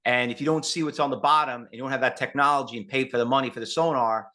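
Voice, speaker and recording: A man teaching a live trading webinar in an animated, rambling way. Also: mid-range voice, fast. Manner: animated and rambling, acts out quotes. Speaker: trading educator.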